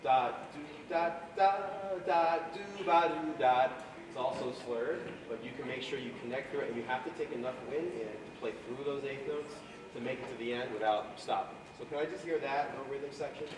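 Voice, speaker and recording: A man's voice: medium pitch, fairly quick. A man running a jazz band clinic, coaching players on balance and phrasing, singing swing syllables and counting off the band. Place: school band room or hall. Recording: echoey room, mic from far off, noisy.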